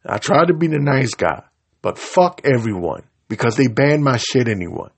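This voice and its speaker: A man's voice: mid-range voice, sing-song, normal speed, creaky, breathy edge. A man hosting his own podcast, delivering an angry, heated, profanity-laced rant and tripping over his words. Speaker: podcast host. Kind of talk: ranting solo podcast.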